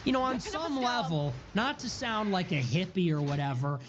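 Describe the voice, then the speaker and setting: A political streamer delivers a heated monologue in a high, expressive male voice at normal speed, stacking and repeating words in a building rhythm and erupting into profanity. The lo-fi recording sounds dull and carries a faint hiss or hum.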